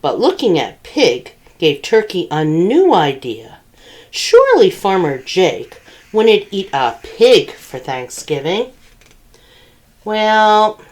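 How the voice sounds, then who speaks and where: Animated woman reading a children's story. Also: medium pitch. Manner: animated, asks children questions. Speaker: children's librarian.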